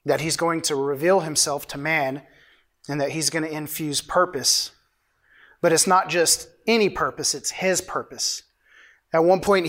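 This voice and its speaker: A man's voice: a little high, a bit bright. A man preaching an informal sermon, reading scripture aloud with conversational, playful asides.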